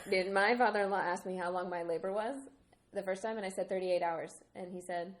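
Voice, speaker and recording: A woman's voice: lowish voice, steady tone, fairly quick. A woman in her thirties co-hosting a podcast, talking candidly and laughing often as she retells what people said. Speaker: podcast co-host. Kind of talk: casual chat.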